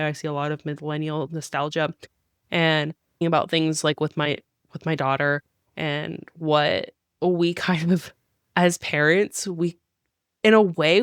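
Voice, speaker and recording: Lively woman podcast host, laughs a lot, smooth clear voice, dry close mic. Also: lowish voice, no room sound. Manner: animated, laughs often, quotes people in voices. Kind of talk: casual chat.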